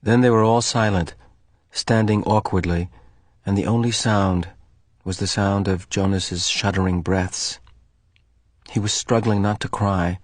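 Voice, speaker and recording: A male teacher reading a novel aloud to his class in an expressive, storytelling way. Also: on the low side, no echo.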